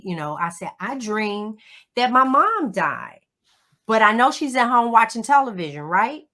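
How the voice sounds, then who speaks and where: Bright-voiced woman telling a grief story. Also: mid-range voice. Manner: emotional, animated storytelling with Southern turns of phrase. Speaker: guest. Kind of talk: personal storytelling. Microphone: livestream call.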